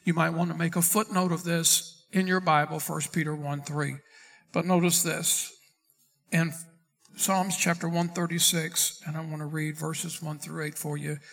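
A man preaching a verse-by-verse Bible sermon as pastor, reading scripture aloud slowly and calling out questions to the congregation. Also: fairly high pitch, little pitch movement, creaky, a bit bright. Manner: calls out to the congregation.

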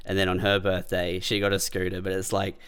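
A man with a lowish, smooth voice, telling relaxed anecdotes in a casual podcast chat. He swears casually and keeps an easygoing tone. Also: fairly quick. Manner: laid-back storyteller, swears casually. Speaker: podcast co-host.

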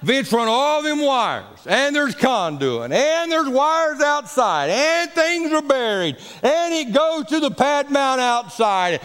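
A man's voice: very high voice, big pitch swings, slow pace, hardly any pauses, fairly bright tone. A pastor preaching a folksy, repetitive sermon in his church sanctuary. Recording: long church reverb.

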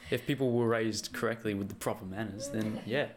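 A man's voice: lowish voice, steady tone, a little fast. Joking man with chatter behind. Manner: joking, teasing interjections. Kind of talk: casual chat.

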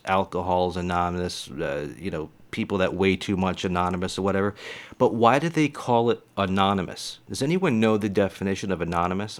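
Low-voiced man, rambling comic chat. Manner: rambling, profane, chatty. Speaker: stand-up comedian. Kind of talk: casual monologue to viewers.

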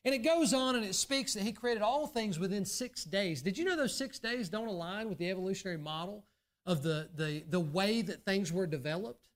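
Southern US male pastor, high voice, earnest sermon delivery that swings from hushed asides to raised emphasis. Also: animated, a little fast. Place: church sanctuary.

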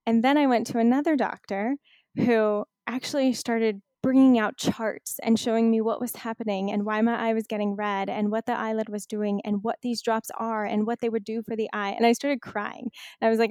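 A woman's voice: on the high side, flat delivery, moderate pace, darkish tone, no room sound. A woman in her thirties, a coach, in casual podcast chat, telling stories and animatedly quoting others. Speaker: wellness coach.

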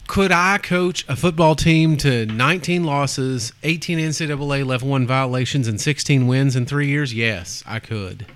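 A man's voice: medium pitch, moderate pace, few pauses, fairly bright tone. A man, co-hosting a casual sports chat, sarcastic and rambling with many restarts. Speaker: podcast co-host.

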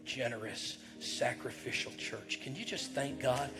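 Storytelling pastor over background music. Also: male voice, mid-range voice, a little slow. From northern New York. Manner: conversational, acts out quoted voices, rising to loud bursts. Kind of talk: sermon with personal storytelling.

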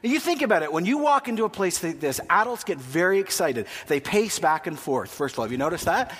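High-voiced Canadian pastor joking in a hall. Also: male voice, very animated, a little fast, fairly bright tone, breathy edge. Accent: Canadian English. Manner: chatty, joking, asks the audience questions. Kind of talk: sermon. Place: church hall. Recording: long hall reverb.

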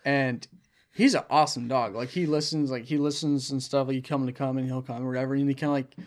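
A man's voice: mid-range voice, fairly even intonation, fast talker. A young man chatting casually on a podcast, rambling and filling his talk with "like". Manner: rambling, heavy use of "like". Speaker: podcast co-host. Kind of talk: casual chat.

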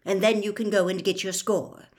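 A woman's voice: mid-range voice, fairly even intonation, moderate pace, a little mellow, close to an everyday voice. Woman playing bustling school nurse, scolding, fussy, storybook.

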